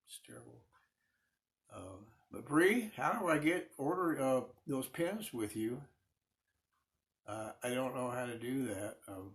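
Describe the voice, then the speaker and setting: A middle-aged man chatting casually with live viewers while sanding wood on a lathe in his workshop, rambling and reading their comments aloud. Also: mid-range voice. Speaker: woodworker streaming live. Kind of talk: casual chat while working. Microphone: phone.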